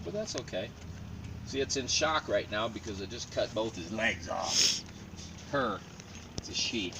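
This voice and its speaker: Joking man showing plant cuttings, distant mic. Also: mid-range voice. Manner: joking, rambling, self-mocking asides. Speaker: home gardener demonstrating plant cloning. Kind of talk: casual how-to demonstration. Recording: distant mic with noisy outdoor background.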